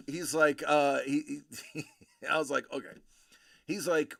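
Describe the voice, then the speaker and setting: A man in his thirties telling a story in casual chat, acting out the people in it with animated voices. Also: on the high side, moderate pace, creaky, no room sound, studio quality. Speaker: show host telling a story.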